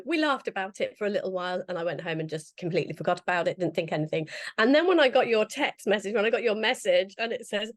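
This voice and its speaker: A woman's voice: a little high, no echo, studio quality. A woman from England, a podcast guest, retelling a funny meeting with lots of laughter. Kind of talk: casual conversation.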